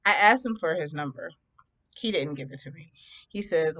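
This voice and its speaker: A young woman vlogger telling a storytime tale, chatty and animated. She speaks in a slightly low voice and acts out the quotes. She laughs along as she goes. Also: moderate pace. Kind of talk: casual storytime.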